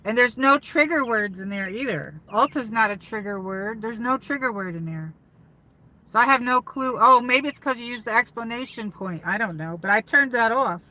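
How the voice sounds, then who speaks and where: Speaking to livestream viewers from her car, a woman from upstate New York rambles casually, full of fillers and restarts. Her slightly high voice is expressive, bright and forceful at a moderate pace, though the audio quality is poor.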